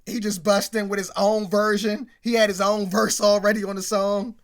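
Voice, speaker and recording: A woman hosting a casual commentary rant, animated and slangy, talking straight to her viewers. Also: medium pitch, moderate pace. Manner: animated, slangy, keeps addressing the audience. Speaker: show host.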